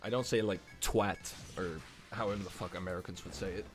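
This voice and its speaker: A man's voice: low-pitched, very fast, soft background music. A man co-hosting a podcast, trading laughing, teasing banter. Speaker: podcast co-host. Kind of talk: casual chat.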